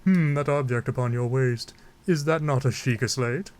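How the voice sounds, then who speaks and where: A man's voice: medium pitch, moderate pace, a little mellow, close to an everyday voice. King Dorephan, a man doing a stately fish-king. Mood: regal. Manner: formal, stately old-fashioned speech. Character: huge, booming old fish-king, courteous and regal.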